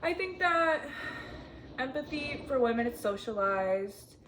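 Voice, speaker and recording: This vlogger, a young woman in her twenties, has an expressive voice that sits high and moves a little slowly, with background noise audible. She rambles candidly to camera in a casual confessional chat, saying "like" often among many fillers.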